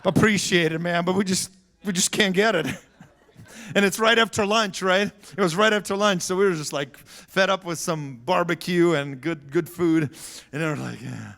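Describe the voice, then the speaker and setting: A man preaching a sermon as pastor, telling stories in a lively way, laughing and acting out what people said. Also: sits high, moderate pace. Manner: animated storytelling with laughter and acted-out voices. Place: church sanctuary.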